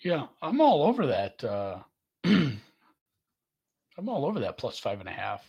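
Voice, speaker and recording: A man's voice: huge pitch swings, unhurried, husky, lo-fi sound. A man hosting a casual sports betting chat, rambling and poking fun at himself. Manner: rambling, self-mocking, jumps in pitch. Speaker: sports betting podcast host.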